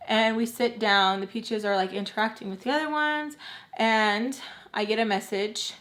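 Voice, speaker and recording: A woman's voice: fairly high pitch, moderate pace, a bit bright. Chatty young woman telling a story. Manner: chatty, heavy use of "like", acts out quoted voices. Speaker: storytime vlogger. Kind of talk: casual storytime. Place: home, doing makeup.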